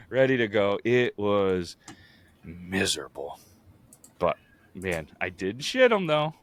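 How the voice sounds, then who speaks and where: Low-voiced man telling a wild story. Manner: animated storyteller, acts out quotes. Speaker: podcast co-host. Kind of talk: casual chat.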